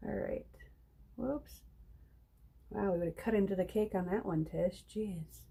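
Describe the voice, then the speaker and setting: A woman's voice: medium pitch, measured pace, vocal fry, mellow, breathy edge. A middle-aged woman hosting a live painting stream, chatting casually and rambling to viewers while she works, with hiccups. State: has hiccups. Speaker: live-stream craft host.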